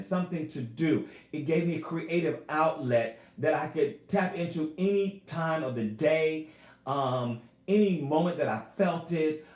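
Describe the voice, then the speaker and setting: A man with a slightly high voice, a singer and YouTuber, chats casually with his viewers on a live stream from home, and the sound is reverberant. He's earnest, emotional and animated, calling his audience "y'all."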